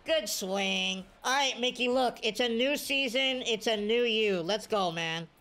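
A woman commentating her own video game play, excitable and cheering on or scolding her players. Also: fairly high pitch, unhurried, soft background music. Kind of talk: casual gameplay commentary.

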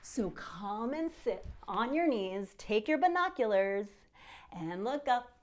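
Leading a kids' yoga lesson, a woman talks straight to the children in a playful, encouraging way, spinning a pretend story with gasps and exclamations. She has a mid-range voice, is very animated, and speaks slowly.

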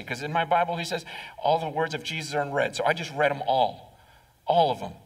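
A man's voice: a little high, a little fast, vocal fry. A male pastor preaching a conversational sermon, repeating words and acting out quotes. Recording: distant mic in a reverberant hall.

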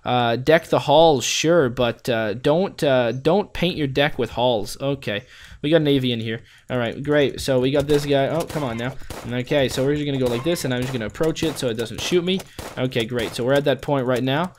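A man's voice: medium pitch, normal speed, a little hiss or hum. Goofy man narrating his gameplay. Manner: goofy rhymes and wordplay; chatty, narrates every move. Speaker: gaming channel host. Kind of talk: let's play commentary.

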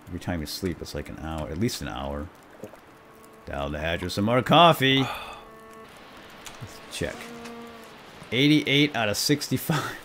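A middle-aged man chatting excitedly through his own gameplay as a let's-play commentator. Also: deep voice, slight background noise. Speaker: gaming YouTuber.

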